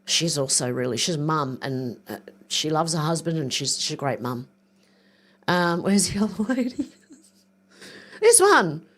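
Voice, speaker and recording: Clicking around during a casual livestream, an older host reads out comments from viewers and muses aloud in a meandering way. She has a low-pitched, expressive voice and keeps a moderate pace.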